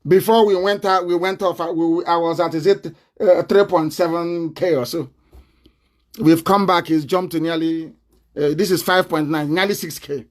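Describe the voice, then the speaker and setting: A man with a Nigerian accent giving a combative live online broadcast, laughing often and breaking into shouts. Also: fairly high pitch, steady tone, moderate pace.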